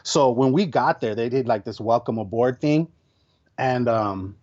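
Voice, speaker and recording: A man's voice: mid-range voice, unhurried. A man guest on a podcast, telling a story in a casual, slangy way, swearing often and acting out other people's lines. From Tucson area, United States. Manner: animated, slangy, swears a lot, mimics others loudly. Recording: dull lo-fi podcast audio.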